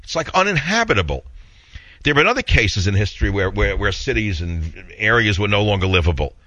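A man's voice: fairly low pitch, big pitch swings, fairly quick, pushed and bright, no echo, dull audio. A man with a heavy New York accent hosting a talk radio show, opinionated and rambling in a blunt monologue.

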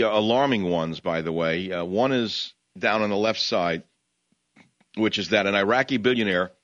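Furious bright-voiced radio host man. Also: on the low side, no room sound, dull audio. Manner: angry ranting, hurling insults. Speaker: radio talk show host. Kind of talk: talk radio monologue. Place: radio studio.

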